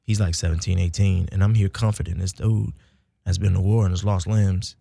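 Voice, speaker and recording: An American man from the south side of Chicago, a military veteran, telling stories in an animated way as an interview guest. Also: sits low, fairly quick, creaky, no echo, studio quality. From United States (south side of Chicago). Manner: animated storyteller who swings from hushed to loud and laughing, says "y'all" and "baby". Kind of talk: casual storytelling conversation.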